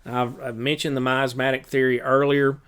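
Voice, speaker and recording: Halting male teacher reviewing for a test. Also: medium pitch, level tone, fairly bright tone, smooth. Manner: halting, many filler pauses; plain, matter-of-fact instruction.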